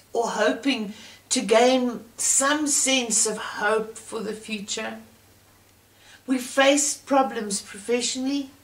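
A woman preaching a sermon in a church, with earnest, encouraging appeals to her listeners. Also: medium pitch. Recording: roomy church sound from far off.

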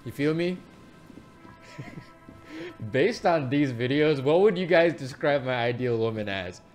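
A man giving casual, animated gameplay commentary as a streamer, rambling and swearing freely. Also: mid-range voice, takes it slowly, soft background music. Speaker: gaming streamer.

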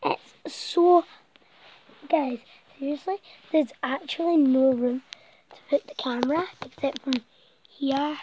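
Speaking from a small blanket fort at night, a woman vlogs in a high, slow voice with a dark tone, out of breath and rambling chattily, sometimes dropping to a whisper. It's a casual night vlog captured on a camera set close by, and the audio is poor, with a slight hiss or hum.

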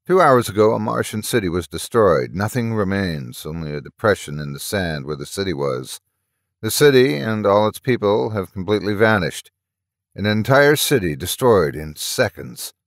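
A man's voice: lowish voice, big pitch swings, moderate pace, no room sound, clean studio sound. A man voicing a stern, menacing male Martian officer who questions prisoners in a cold, commanding way.

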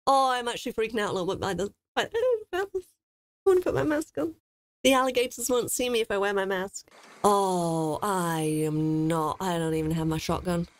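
A woman commenting on her gameplay as a let's play host, excitable and jumpy, swearing often. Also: medium pitch, fairly quick. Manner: excitable, swears a lot, jumpy and easily scared.

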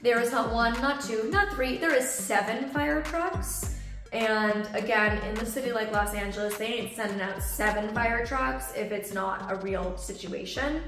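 Young woman vlogger, fairly high voice, echoey room, faint music behind. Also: unhurried. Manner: animated storytelling, acts out quoted voices. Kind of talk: storytime vlog. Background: soft background music.

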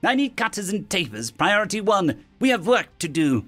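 A small whiskered alien dock engineer, as a male narrator puts him on, snaps out short technical answers in a raised, lively voice. He sounds anxious and stubborn. Faint music sits under this storybook reading. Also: sits high, moderate pace, voice pushed up, heavily acted. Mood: curt, urgent.

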